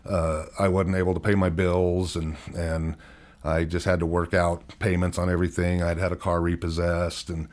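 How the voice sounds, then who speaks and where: A man in his fifties with a very low voice tells his story to a podcast host. He is candid and rambles a little, and he often laughs at himself as he talks. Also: little pitch movement, moderate pace, a little mellow. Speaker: podcast guest. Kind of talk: personal storytelling interview.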